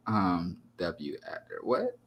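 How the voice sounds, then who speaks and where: Slow, gravelly man hosting a stream. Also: low-pitched, slight background noise. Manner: playful, mock-dramatic teasing. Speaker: livestream talk show host. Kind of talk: casual chat.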